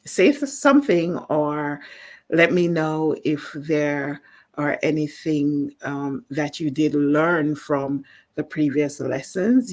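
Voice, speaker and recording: Slow gravelly Jamaican woman teaching. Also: low-pitched. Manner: slow, explanatory, with many fillers. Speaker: language teacher. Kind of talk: live-streamed language lesson.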